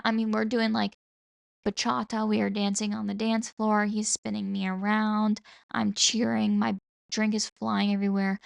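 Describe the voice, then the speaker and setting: A young woman rambles through a solo podcast episode in a heavily gravelly, fry-laden voice. She packs her talk with "like" and drops casual swears. The sound is close and dry, with no room behind her. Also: mid-range voice, no room sound. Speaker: podcast host.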